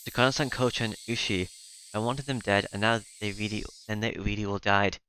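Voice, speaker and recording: A man's voice: lowish voice, fairly even intonation, a little fast, bright, forceful tone, a little hiss or hum, poor audio. A man voicing a shaken, desperate teenage boy who stumbles and repeats himself urgently.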